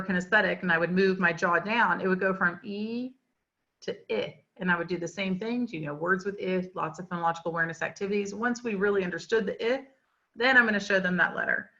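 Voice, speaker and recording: A woman's voice: mid-range voice, a little fast, sharp tone. A woman teaching literacy in a webinar lecture, chatty and explanatory, with frequent fillers. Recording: dull lo-fi webinar audio.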